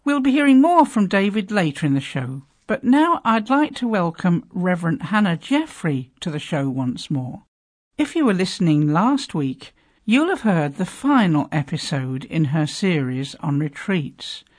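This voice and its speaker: Lively woman host introducing a guest. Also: on the low side, measured pace. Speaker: radio show host. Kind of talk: scripted show link.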